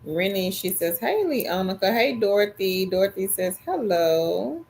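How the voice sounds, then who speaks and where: Slow-talking woman greeting her livestream chat. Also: mid-range voice, animated, a little mellow, a little hiss or hum. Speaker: livestream co-host. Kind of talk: casual livestream chat, reading viewer comments.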